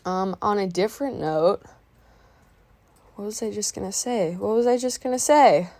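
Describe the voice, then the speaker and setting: A woman in her mid-twenties with a medium-pitched, slightly mellow voice narrates a painting video at a moderate pace, with no room sound. Recorded separately from the footage, her voiceover rambles, loses its thread and speaks openly and sentimentally about her feelings.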